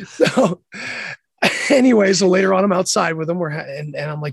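Animated man telling a story, gravelly voice. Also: high-pitched, moderate pace, no echo, studio quality. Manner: animated, acts out quoted voices. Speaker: podcast guest. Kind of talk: casual storytelling.

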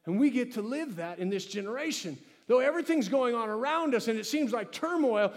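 A pastor delivers a lively sermon with a notably high male voice, acting out conversations with God as he goes. His words ring with a long reverb from the church sanctuary around him. He rises and drops in energy as he preaches.

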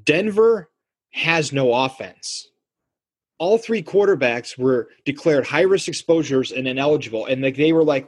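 A man's voice: a little high, measured pace, husky. A man co-hosting a podcast, talking sports casually and animatedly, acting out quotes. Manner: animated, acts out quotes in voices. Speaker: podcast co-host.

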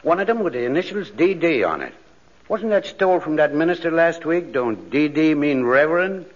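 An actor playing a dim-witted, slangy police sidekick in a 1940s radio comedy. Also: male voice, on the high side, expressive, normal speed, a crowd in the background, natural voice. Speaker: police officer. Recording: muffled old radio recording.

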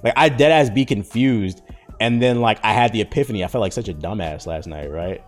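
A man's voice: fairly low pitch, brisk, soft background music. A man around thirty talking in slangy casual chat as a podcast host, rambling with lots of fillers. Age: 30s.

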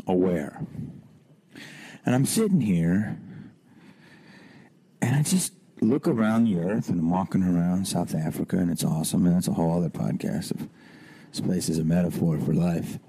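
A man in his thirties hosting a podcast, telling personal stories in an animated way, swearing freely and climbing high on rhetorical questions. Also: moderate pace, long pauses, slightly rough. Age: 30s. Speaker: podcast host. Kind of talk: personal storytelling monologue.

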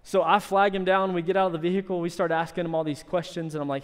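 A man delivers a sermon from the pulpit, telling a story with animated energy. His voice sits a little high. Long reverb from the church sanctuary trails behind each phrase. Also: fast talker, few pauses, clear, resonant tone. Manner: animated storytelling, shouting in acted quotes. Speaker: pastor.

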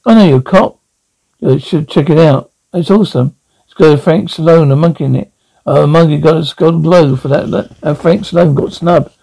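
A gravelly, brash cartoon cop. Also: male voice, fairly high pitch, warm tone, low-quality recording. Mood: bantering. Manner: crude, rapid comic banter. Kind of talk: animated adult cartoon dialogue.

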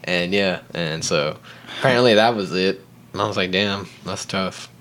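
A young man tells a story in a low voice, loose and rambling, with plenty of fillers. He slips into the voices of the people in his story as he goes. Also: moderate pace, fairly bright tone, slight background noise. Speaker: podcast host. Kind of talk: casual storytelling chat.

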